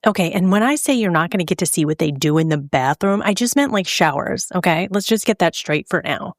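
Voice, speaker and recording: A woman's voice: fairly low pitch, animated, brisk, dry recording, studio quality. A woman hosting a true crime podcast, talking casually and joking, with frequent laughs. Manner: chatty and joking, laughs often.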